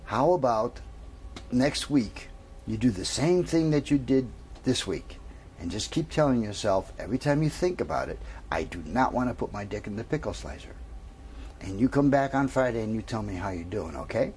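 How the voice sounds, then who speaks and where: A man's voice: mid-range voice, sing-song, moderate pace, a little mellow, a little hiss or hum, natural voice. A man voicing a worried male psychiatrist who coaxes his patient, in a told joke. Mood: fretful. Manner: worried, coaxing. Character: fretful middle-aged male psychiatrist.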